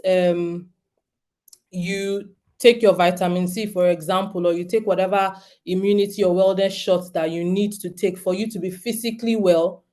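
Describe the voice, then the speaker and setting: A woman's voice: mid-range voice, warm tone. A Nigerian woman in her thirties giving an earnest, direct talk to homeschooling parents, often turning to the audience with questions. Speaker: homeschooling speaker.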